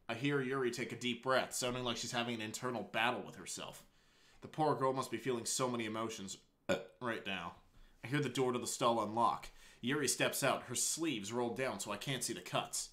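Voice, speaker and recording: Brief: streamer, man, bright tense voice, reads a visual novel aloud earnestly. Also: medium pitch, a little fast. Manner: earnest, with startled asides.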